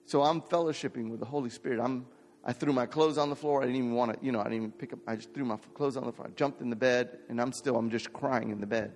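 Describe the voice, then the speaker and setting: A man's voice: medium pitch, steady tone, fast. A man preaching a sermon and telling a personal story, building to fervent preaching. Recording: long hall reverb.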